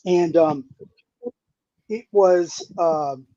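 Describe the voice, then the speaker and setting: A higher-pitched man of about sixty chats easily as an interview guest, animated and loose with plenty of casual fillers. His voice comes through a remote call in dull, slightly lo-fi sound. The audio is dry with no room echo. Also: extremely slow. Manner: animated, laid-back, uses dude and you know a lot. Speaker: guest musician. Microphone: remote streaming call.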